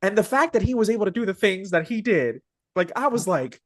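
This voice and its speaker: A man hosting a podcast interview, telling stories in an animated, joking, slangy way. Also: sits high, a little fast, no echo, studio quality. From Arizona. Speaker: podcast host. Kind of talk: casual interview chat.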